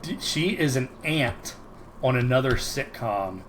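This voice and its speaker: A man's voice: medium pitch, expressive, unhurried, fairly bright tone, a little hiss or hum, poor audio. A man co-hosting a podcast, casually recapping a sitcom episode, rambling with many ums and frequent laughs. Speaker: podcast co-host.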